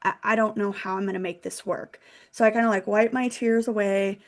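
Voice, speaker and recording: A woman in her thirties, a financial consultant guest, telling a candid, animated personal story in a casual interview. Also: mid-range voice, brisk.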